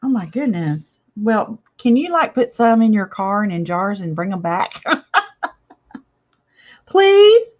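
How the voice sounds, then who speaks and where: A woman's voice: mid-range voice, lively intonation, normal speed, a little mellow, muffled recording. An older woman hosting a casual live craft chat, chatty and reading viewer comments aloud with frequent laughs. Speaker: craft channel host.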